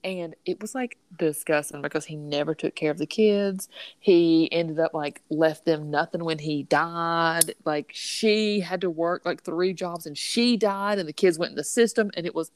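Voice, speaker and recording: A woman's voice: fairly low pitch, moderate pace. A woman from Southern Georgia chatting casually about a book, rambling and filling with "like". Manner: rambling, heavy use of "like".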